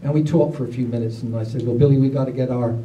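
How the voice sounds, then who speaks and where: Man, very dark timbre, animated storyteller, roomy and distant recording with faint noise. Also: medium pitch, rapid-fire. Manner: animated, acts out other people's lines in raised voices. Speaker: storyteller at a gathering. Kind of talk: casual spoken storytelling.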